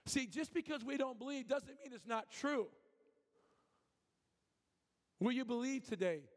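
Male preacher, high-pitched, fervent and rousing, in a church sanctuary with a long reverb tail. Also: lively intonation, unhurried. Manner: fervent, rousing, asks the congregation questions. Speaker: guest preacher. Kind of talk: sermon.

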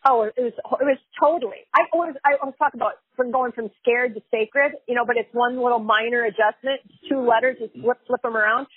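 A chiropractor and life coach shares her story frankly in a phone interview, stressing points forcefully, repeating herself and filling pauses with fillers. Her slightly high, husky voice holds a steady tone and moves fairly quickly with hardly any pauses. There's no echo.

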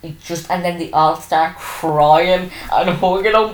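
Woman, podcast host, deep-ish voice, rambly casual chat, roomy room sound. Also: unhurried. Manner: rambling, self-interrupting storytelling with many fillers. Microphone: desk microphone.

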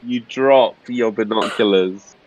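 A man narrating a tabletop horror game as game master, casual and halting with frequent restarts. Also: on the low side, very noisy.

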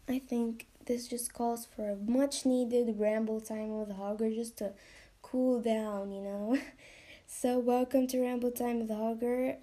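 Slow, mellow young woman rambling. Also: a little high. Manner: rambling, filler-heavy, swears, drops into whispers. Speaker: podcast host. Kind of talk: casual podcast ramble.

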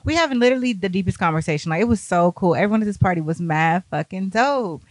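A young woman telling a party story, animated and profane, acting out what people said. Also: medium pitch, quick pace, no echo. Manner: animated, profane, acts out quotes. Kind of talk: casual storytime.

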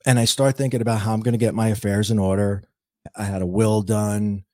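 A man's voice: on the low side, little pitch movement, a little fast, a little mellow, no echo, studio quality. A middle-aged man, a guest on a podcast, earnestly telling a personal story and acting out his own past words. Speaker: guest, intuitive and author.

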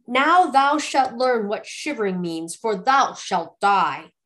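A woman voicing a horrible, very old bearded man who speaks slowly and threateningly. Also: on the high side, animated, a bit bright. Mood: menacing. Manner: slow and threatening.

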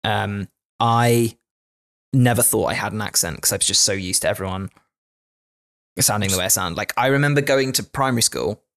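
A man's voice: lowish voice, normal speed, fairly bright tone. A man from England co-hosting a casual podcast chat, joking around with lots of fillers and restarts. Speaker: podcast co-host. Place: indoor podcast recording. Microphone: podcast microphone.

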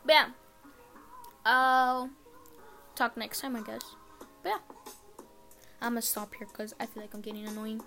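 A woman's voice: a little high, steady tone, a little slow, pauses often, pushed and bright, faint music behind. A teenage girl chatting alone on her podcast from her bedroom, rambling and swearing casually. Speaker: podcast host. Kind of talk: casual solo podcast chat.

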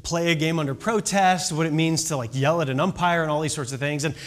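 A man telling a story with a lesson in an animated, conversational way, often checking in with his listeners as he goes. He speaks as a youth baseball coach. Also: fairly high pitch, fast.

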